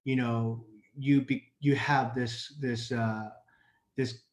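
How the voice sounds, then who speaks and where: Young male actor, video call guest, earnest and halting, echoey room. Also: mid-range voice, level tone. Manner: earnest, halting with many restarts. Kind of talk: casual video call interview. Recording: roomy echo on a video call.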